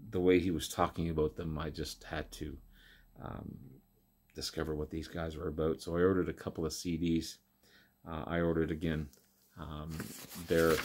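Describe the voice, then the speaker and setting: A man casually showing and talking through records he picked up, relaxed and rambling with many ums and uhs. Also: low voice. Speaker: vinyl collector vlogger. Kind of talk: casual record show-and-tell.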